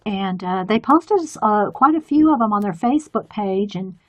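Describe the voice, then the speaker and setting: A woman's voice: medium pitch, expressive, normal speed, lo-fi sound. A woman chatting in a rambling, easygoing way and laughing often while she colors on a live stream. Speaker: artist streaming a coloring demo. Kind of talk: casual chat while drawing.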